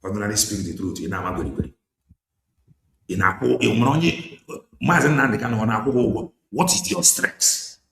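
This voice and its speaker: The man's lowish, creaky voice moves fast, broken by long pauses. Speaking with a Nigerian Igbo accent in an echoey room with faint noise, he preaches an impassioned, forceful political sermon, exhorting listeners in both English and Igbo.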